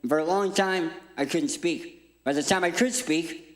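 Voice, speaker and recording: A man's voice: on the high side, moderate pace, roomy sound. A man in his thirties with a permanent speech impediment, giving a jokey, self-deprecating church talk. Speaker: guest speaker. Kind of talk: humorous inspirational church talk. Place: church auditorium.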